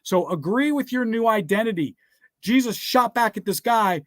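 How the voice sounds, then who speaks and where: A man's voice: high voice, expressive, normal speed, fairly bright tone. A man giving a motivational speech built on scripture, talking emphatically and often telling listeners to write things down. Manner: repeats "guess what" and "all right". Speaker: motivational speaker.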